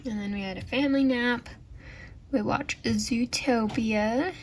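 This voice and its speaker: A woman's voice: on the high side, a little slow, background noise. A woman chatting casually as she narrates a plan-with-me video and talks to her baby now and then. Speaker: planner vlogger.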